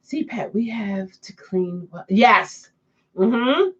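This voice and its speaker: A woman's voice: mid-range voice, expressive, muffled recording. A woman vlogger chatting casually to her viewers, breaking into frequent fits of giggling laughter. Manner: laughs often, giggling fits, slow and drawn-out. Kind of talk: casual chat to camera.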